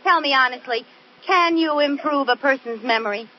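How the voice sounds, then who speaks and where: An actress playing a scatterbrained, forgetful young wife in a 1940s radio comedy, chattering in a giggly, flustered way. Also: female voice, sits high, moderate pace, close to an everyday voice. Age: young adult. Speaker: lead wife character. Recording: dull, noisy old radio broadcast.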